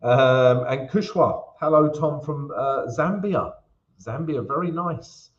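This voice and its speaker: A man's voice: medium pitch, slow pace, lo-fi sound. A man hosting a casual live-stream Q&A about trading, chatty and greeting viewers by name, calling them guys and mate.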